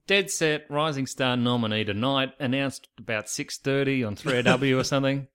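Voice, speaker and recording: A man's voice: mid-range voice, normal speed, fairly bright tone, clear, resonant tone. An Australian man co-hosting a podcast in casual chat, with a wry, dry sense of humour. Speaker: podcast co-host.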